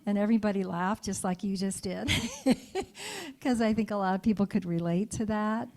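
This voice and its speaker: In a church sanctuary, a middle-aged woman minister delivers a conversational sermon, telling a story, asking the congregation for their thoughts, and laughing often. Her medium-pitched voice is animated and slightly mellow, at a moderate pace.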